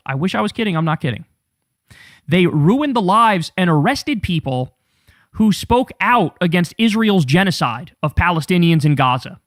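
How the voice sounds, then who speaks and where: A man hosting casual political commentary, talking to viewers in an animated, profane, incredulous way. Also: high-pitched, no room sound, studio quality.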